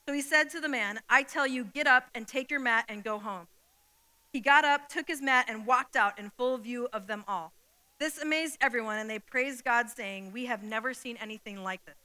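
A woman delivers a conversational sermon to a gathered congregation. Her voice sits high and sounds bright. She keeps checking in with her listeners as she teaches. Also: rough recording. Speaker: preacher. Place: church hall with a screen.

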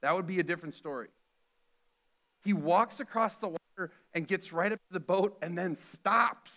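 A man's voice: high voice, moderate pace, a bit bright. A middle-aged man preaching a sermon earnestly, acting out the quoted lines with feeling. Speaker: pastor.

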